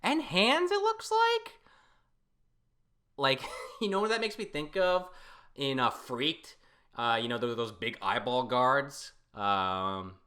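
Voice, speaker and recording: A man casually recapping and reacting to a comic, animated, laughing often and swearing. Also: medium pitch, a little slow. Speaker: reaction video host.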